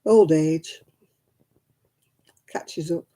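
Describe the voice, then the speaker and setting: A woman's voice: deep voice, extremely slow, dark tone. A tired woman, hosting a casual livestream and chatting with her viewers by name. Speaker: livestream host.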